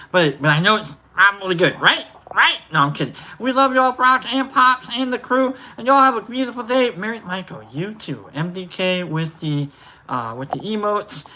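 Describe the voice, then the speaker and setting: A woman's voice: fairly low pitch, expressive, moderate pace, sharp tone, a little hiss or hum. A woman co-hosting a livestream, casually reading out chat names with rambling, playful asides and sudden whoops. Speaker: livestream co-host.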